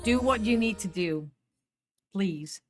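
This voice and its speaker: A woman's voice: mid-range voice, expressive, takes it slowly, faint music behind. A woman with a Dutch accent chatting casually with viewers on a live stream, laughing often and repeating herself as she talks.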